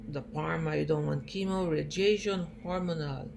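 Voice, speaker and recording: A woman's voice: low-pitched, moderate pace, gravelly, darkish tone. A woman, voicing an irritated, lecturing older male doctor. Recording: noisy recording.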